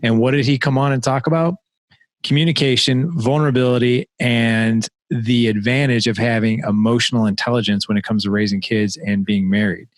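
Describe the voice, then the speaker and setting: A middle-aged man hosting a podcast in casual conversation, animated and quick to joke and laugh. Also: mid-range voice, no echo. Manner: animated, joking, laughs often. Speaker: podcast host.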